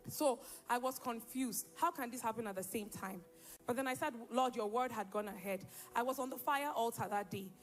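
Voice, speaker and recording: Woman giving a lively testimony. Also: on the high side, moderate pace, faint music behind. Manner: lively storytelling, acts out quoted dialogue. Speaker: church member giving testimony. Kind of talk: spoken testimony.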